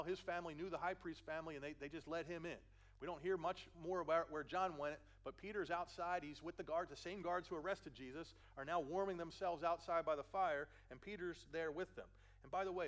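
A man with a Philadelphia accent preaching a sermon, acting out the quotes and dropping his voice low for emphasis. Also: fairly bright tone. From Philadelphia, USA. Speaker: pastor.

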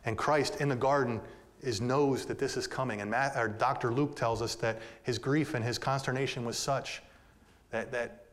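A man preaching a sermon to his congregation, calling them "folks", moving between soft, intimate passages and loud, emphatic peaks. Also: mid-range voice, fairly even intonation, normal speed. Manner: addresses listeners directly as "folks". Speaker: pastor.

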